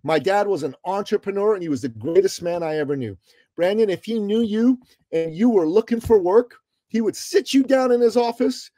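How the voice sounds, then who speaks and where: A man from Iran speaks as a podcast guest, his mellow, warm voice pressing each point with preacher-like emphasis. He moves from loud declarations to hushed, heartfelt storytelling. The sound is dry and close. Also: high voice, no room sound. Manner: emphatic, preachy, rises and falls in loudness. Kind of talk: impassioned interview storytelling.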